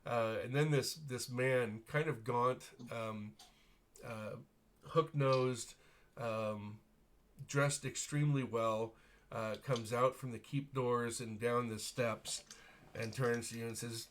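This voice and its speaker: A man's voice: medium pitch, steady tone, takes it slowly. Guy running a tabletop game on a stream, laid back, lots of ums and chuckles. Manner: casual, chuckling, many fillers. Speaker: game master.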